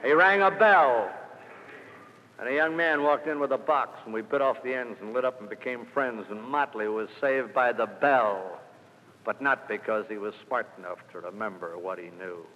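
An older man giving a motivational speech to salespeople, telling an anecdote and building to loud emphatic peaks before dropping quiet again. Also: medium pitch, normal speed. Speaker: sales speaker. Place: lecture hall. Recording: old lo-fi recording in a large hall.

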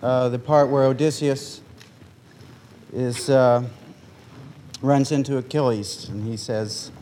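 A man giving a poetry reading, introducing his poem with a few fillers, then chanting its lines in a steady rhythmic incantation. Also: mid-range voice, slow, long reverb tail, a little hiss or hum. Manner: rambling spoken introduction with fillers. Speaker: poet.

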